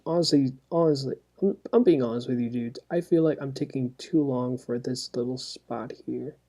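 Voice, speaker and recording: A man's voice: medium pitch, moderate pace, mellow. A man from South Florida chatting goofily to himself and viewers while coloring, with sound-effect words. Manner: goofy, rambling self-talk with sound effects. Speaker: artist coloring on stream. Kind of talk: casual chat while drawing.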